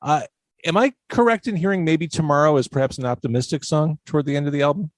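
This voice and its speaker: A man's voice: fairly high pitch, fast, dry recording. A man hosting a podcast interview in a casual, playful, teasing way. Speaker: podcast host.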